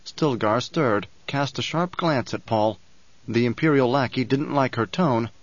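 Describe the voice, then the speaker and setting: A man's voice: mid-range voice, measured pace, no room sound. Man narrating an audiobook, dry sound. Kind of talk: scripted narration. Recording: dry, slightly dull.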